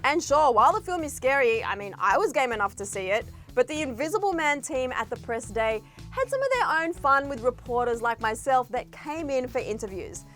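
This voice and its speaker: A woman's voice: high-pitched, lively intonation, fairly bright tone, faint music behind. An Australian woman hosting an entertainment news show and interviewing film cast, bubbly and playful. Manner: bubbly, playful, quick to laugh. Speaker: entertainment reporter and host.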